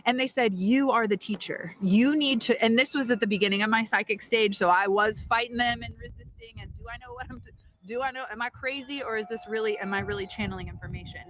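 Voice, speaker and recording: A woman's voice: fairly high pitch, fairly even intonation, fast, noisy background. A woman hosting a tarot show, telling a personal story in a chatty, casual way, with frequent laughs and casual swearing. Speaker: tarot reader and host.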